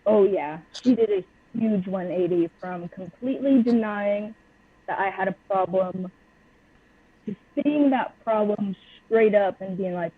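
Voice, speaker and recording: A young woman with a husky, mid-range voice talks at a measured pace as a guest on a personal interview podcast. She's frank and open, and the sound comes through tinny phone-line audio.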